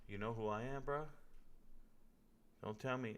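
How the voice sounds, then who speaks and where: A young man hosts a casual live stream from his computer, reading comments aloud and firing back jokes and playful trash talk. His voice is smooth and clear, sitting at an ordinary middle pitch, and his speech is loose and full of slang. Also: normal speed, a bit bright. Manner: joking, trash-talking, slangy. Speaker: livestream host reacting to fights.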